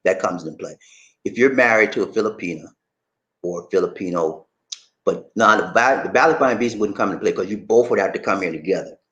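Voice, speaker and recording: A man's voice: sits low, fairly quick, a bit bright, muffled recording. A man from the United States hosting a live stream, answering viewers' questions in a folksy way that repeats phrases.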